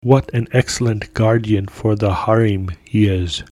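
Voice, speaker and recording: A man with a fairly low voice reads an old tale aloud at a steady, measured pace. The recording is close and completely dry, with no room sound. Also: dry recording. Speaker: podcast narrator. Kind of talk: reading a classic tale aloud.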